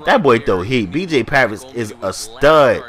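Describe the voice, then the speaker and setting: A man's voice: mid-range voice, lively intonation, measured pace, fairly bright tone. Stuffy-nosed man hyping his own gameplay. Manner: hyped, slangy, talks to viewers. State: stuffy nose from allergies. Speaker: gaming YouTuber. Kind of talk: casual gameplay commentary.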